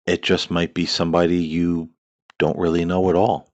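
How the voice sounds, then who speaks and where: A man's voice: sits low, level tone, normal speed, no echo, lo-fi sound. A man hosting a paranormal talk show, speaking earnestly about faith in a preacherly cadence, with frequent "uh" and "you know" and long repeated lists. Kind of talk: earnest spiritual monologue.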